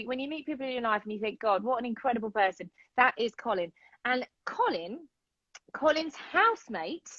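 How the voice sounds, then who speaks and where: A woman's voice: on the high side, a bit bright, dry recording. A British woman co-hosting a casual chat, gushing and giggly as she tells stories. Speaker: co-host. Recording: dull lo-fi live stream sound.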